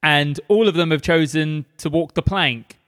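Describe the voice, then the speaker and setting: A man's voice: a little high, moderate pace, fairly bright tone, dry recording, studio quality. A man hosting a casual book club podcast, chatty and upbeat, laughing often. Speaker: podcast host.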